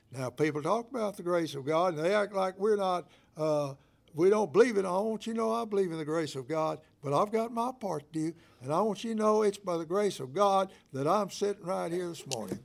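Older preacher with a gravelly voice. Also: male voice, animated, fairly quick. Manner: fervent, rising to loud emphatic stretches then dropping low; folksy, acts out shop clerks and a church member in quoted voices. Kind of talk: sermon.

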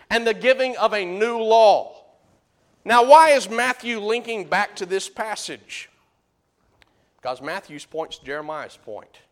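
A man preaching a sermon who moves between loud emphatic bursts and low, quiet asides while reading and explaining scripture.

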